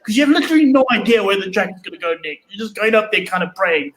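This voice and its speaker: A man from South Africa co-hosting a video-call interview, full of jokes and quick banter. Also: sits high, over music, rough recording. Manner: jokey, lively banter.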